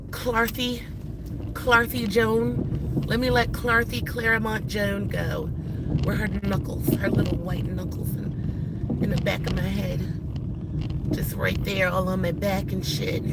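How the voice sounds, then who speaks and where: A woman ranting bluntly and profanely while driving, her voice moving between loud outbursts and hushed asides. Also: mid-range voice. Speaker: live-stream host. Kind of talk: ranting live-stream vlog. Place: inside a car while driving. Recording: steady car and road noise.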